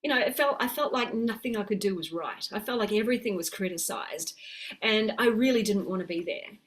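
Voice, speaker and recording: A middle-aged woman, coaching viewers gently in a live stream and reading their comments aloud. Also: medium pitch, lively intonation, fairly quick. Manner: warm, encouraging, reads viewer comments aloud. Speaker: health coach. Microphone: webcam mic on a video call.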